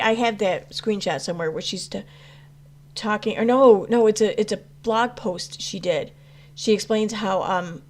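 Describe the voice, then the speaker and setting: Rambling woman chatting on a livestream. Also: mid-range voice. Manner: rambling, restarts a lot, swears, laughs often. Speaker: commentary channel host reading live chat. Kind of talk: casual livestream commentary.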